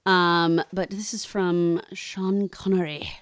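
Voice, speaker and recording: A woman's voice: on the low side, a little slow, smooth, dry recording, clean studio sound. A woman co-hosting a casual podcast, running trivia questions and laughing often between remarks. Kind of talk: casual chat.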